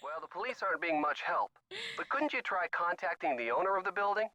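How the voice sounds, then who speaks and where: A wry young sidekick. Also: male voice, high voice, sing-song, brisk, a crowd in the background. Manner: dry, teasing. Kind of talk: video game voice acting.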